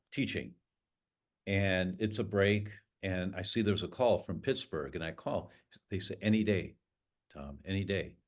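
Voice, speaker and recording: An older man, a guest, telling a personal story with emotion and acting out the dialogue. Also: on the low side. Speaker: guest speaker.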